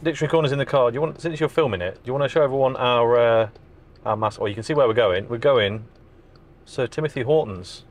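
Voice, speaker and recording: A man's voice: mid-range voice, quick pace, soft background music. A man talks casually to his camera from inside a parked van. His delivery is chatty and jokey, with a self-deprecating edge, and the camera mic picks up the close sound of the vehicle. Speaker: food and travel vlogger.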